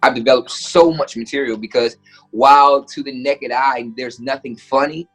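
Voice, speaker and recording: A young adult man, a comedian, telling stories in a casual interview, lively and acting out the people he quotes. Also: mid-range voice, moderate pace, faint music behind. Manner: animated storyteller, acts out quoted voices. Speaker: comedian and guest.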